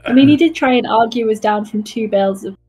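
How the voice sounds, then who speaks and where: A woman playing in a tabletop game, describing her character gently with casual fillers. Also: a little high, fast talker, slightly rough, soft background music, poor audio. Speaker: player.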